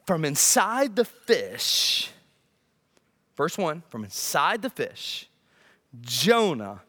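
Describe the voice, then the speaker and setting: A man preaching a sermon, swinging from loud bursts down to near-whispers and checking in with "right?" again and again. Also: fairly high pitch. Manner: peppers lines with "right?". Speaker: pastor.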